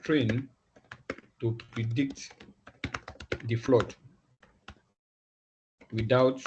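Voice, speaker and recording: A man teaching a class online, talking in halting phrases and often repeating words as he thinks aloud. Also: mid-range voice, fairly even intonation, a little mellow, a little hiss or hum. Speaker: instructor. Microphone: video call. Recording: dull lo-fi video call audio.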